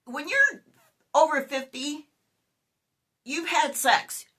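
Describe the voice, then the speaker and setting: Woman, 50s, vlog host; lively, exasperated rant with sharp outbursts and a voice that jumps all over. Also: high voice, slow. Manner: animated, exasperated ranting with sudden outbursts. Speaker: YouTuber.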